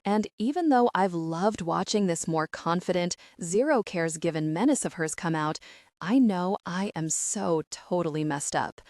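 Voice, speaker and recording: A woman narrating a romance audiobook in the first person, with steady, intimate storytelling. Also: lowish voice, unhurried, no echo, studio quality.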